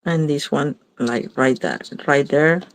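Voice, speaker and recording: In a low voice, taking things slowly, a woman hosts a card-making video, chatting casually and thinking aloud as she works, often pausing to correct herself.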